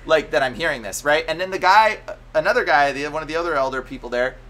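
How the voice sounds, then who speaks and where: A young man casually telling a story on a podcast, animated and full of "like" fillers, acting out what he heard. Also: a little high, quick pace. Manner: animated, many "like" fillers, acts out his own quotes. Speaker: podcast co-host.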